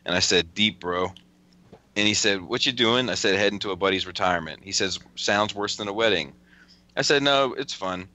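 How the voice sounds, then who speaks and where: Guy on a podcast reading texts out loud, super bright voice, swears a lot, on the low side. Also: moderate pace. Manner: profane, laughing often while reading. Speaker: podcast host. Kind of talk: casual chat, reading out text messages.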